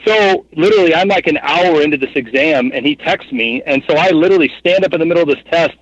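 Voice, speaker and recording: A chatty man in his thirties, a guest on a casual storytelling interview, talks fast in a high-leaning, slightly rough voice. He rambles with lots of filler in an animated retelling. The podcast audio is dry, dull and muffled, with no echo.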